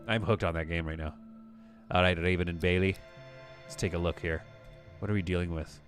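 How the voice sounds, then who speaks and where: A man's voice: deep voice, fairly even intonation, fairly quick, faint music behind. A man streaming a space-building game, chatting casually, rambling, and reading viewer messages aloud. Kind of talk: casual live-stream commentary.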